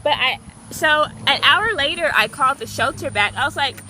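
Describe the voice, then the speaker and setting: A young woman chats through a rambling vlog story with a high, bright voice that leaps all over the place. She packs her sentences with "like" and breaks into excited squeals. A faint hum of noise sits behind her. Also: normal speed. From Gulf Coast of Texas. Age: young adult. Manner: chatty and rambling, heavy use of "like"; excitable, bursts into loud squeals. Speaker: vlogger.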